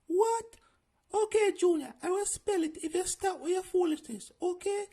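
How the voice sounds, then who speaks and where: A performer voicing a strict female schoolteacher with a Jamaican accent in a cartoon, shrill and scolding. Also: lively intonation, moderate pace, dark tone. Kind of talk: animated cartoon voice acting.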